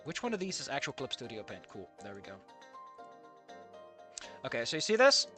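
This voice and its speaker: A young man streaming a game and ranting, excitable and swearing, jumping from loud outbursts to low muttering. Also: a little fast, music in the background. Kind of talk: live reaction commentary.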